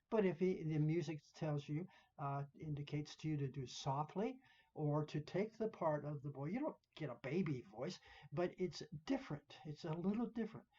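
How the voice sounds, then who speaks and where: Older choir director giving emphatic notes at rehearsal, sings the rhythms, mid pitch, muffled recording. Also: a little mellow. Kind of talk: rehearsal instruction.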